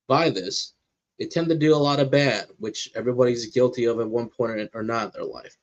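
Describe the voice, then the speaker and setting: A man's voice: medium pitch, dull audio. A man co-hosting a watch party stream, chatting casually about cartoon episodes and acting out his own reactions. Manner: animated, acts out his own reactions in quotes.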